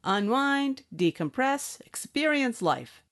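A woman's voice: high voice, big pitch swings, takes it slowly, heavily acted. A woman voicing a brash, snappish spacefaring bosun. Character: tough, blunt young woman ship's bosun. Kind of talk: audiobook character acting.

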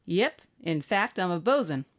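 For an audiobook, a woman with a fairly low, very animated, unhurried voice performs a tough, blunt young woman who serves as a spacefaring ship's bosun, playing her as brash and snappish.

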